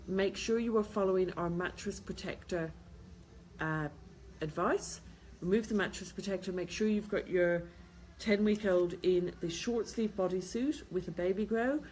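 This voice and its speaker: A woman's voice: mid-range voice, darkish tone, slight background noise. A woman host answering viewers' questions on baby sleep, giving practical advice and repeating key points. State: tired, yawning.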